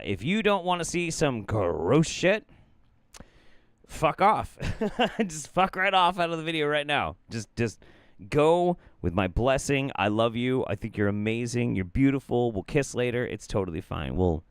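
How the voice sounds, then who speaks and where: A man's voice: medium pitch, very animated, normal speed, smooth, dry recording. A man hosting a show of reaction clips, joking in a profane, playful and exaggerated way as he comments. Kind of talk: casual comedic commentary.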